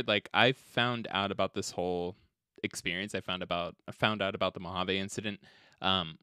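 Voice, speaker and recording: A man's voice: fairly low pitch, bright, forceful tone, clear, resonant tone, no room sound, studio quality. A man co-hosting a podcast, talking casually, swearing freely and laughing often while retelling a story. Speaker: podcast co-host.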